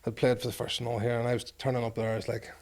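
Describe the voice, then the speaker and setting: A man's voice: medium pitch, monotone, very fast, a little mellow. A Northern Irish man in his forties tells a long anecdote in an interview. He is self-deprecating and acts out the quoted exchanges, with a voice in the middle range for a man. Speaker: former rugby player. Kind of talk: storytelling interview.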